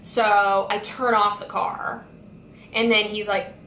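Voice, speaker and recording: Taking it slowly, a young woman with a medium-pitched voice shares a storytime vlog, her animated account full of "like." The audio carries echo from the room along with faint noise.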